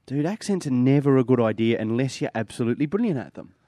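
A man's voice: medium pitch, expressive, fast, mellow, no room sound, studio quality. A wry, teasing man co-hosting. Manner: wry, teasing, laughs often. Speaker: podcast co-host. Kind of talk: joking casual banter.

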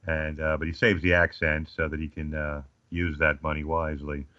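A man's voice: very deep voice, completely flat delivery, moderate pace, bright, forceful tone, no room sound. A man in his forties with an Australian accent, telling comic stories in a casual chat as a guest, with a dry joking manner. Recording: slightly dull lo-fi sound.

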